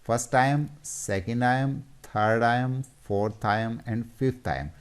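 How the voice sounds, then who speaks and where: A man giving a slide-based poetry lesson, slow and methodical, repeating each step. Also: mid-range voice, clean tone. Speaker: teacher.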